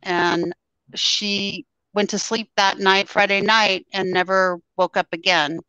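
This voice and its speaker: A woman guest telling a personal story in a halting way, full of ums, her voice scratchy after surgery. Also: medium pitch, little pitch movement, sharp tone, clear, resonant tone, dry recording. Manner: halting, with many ums and pauses. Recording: dull, lo-fi sound.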